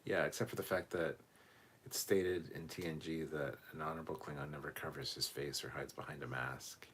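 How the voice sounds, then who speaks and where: A man with a very low voice chats loosely on a home livestream, reading out viewer comments with frequent swearing. A faint rumble hums underneath. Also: a little fast. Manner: relaxed, profane, reads viewer comments aloud. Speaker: podcast co-host reading chat comments. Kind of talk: casual livestream chat. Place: home room cluttered with costumes.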